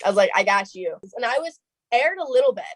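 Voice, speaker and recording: A young woman, a singer being interviewed, telling her story in a chatty casual way, full of "like" and quick quoted asides. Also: a little high, no room sound. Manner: chatty, fillers of "like" throughout, quoting others in lively bursts.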